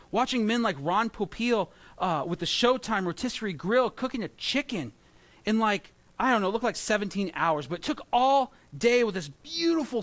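A man in his thirties preaching a sermon, telling animated stories with jokes and mimicry. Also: high voice. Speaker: pastor.

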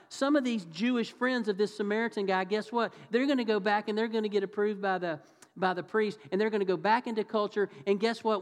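A man preaching a conversational sermon in church, asking the congregation questions and acting out the voices of the people in his story. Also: high-pitched. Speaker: pastor. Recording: reverberant church hall.

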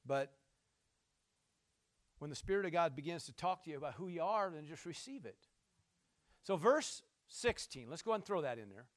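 High-pitched guy preaching, folksy, calls out to the crowd, shouts then drops quiet. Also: big pitch swings, normal speed, pauses often. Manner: emphatic call-and-response preaching, shouting at peaks, then dropping low; folksy and conversational. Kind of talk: sermon.

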